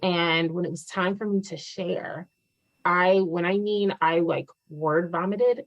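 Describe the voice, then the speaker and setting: A young adult woman giving a candid personal testimony, with many fillers and animated retellings. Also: lowish voice, measured pace, dull audio. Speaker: testimonial speaker.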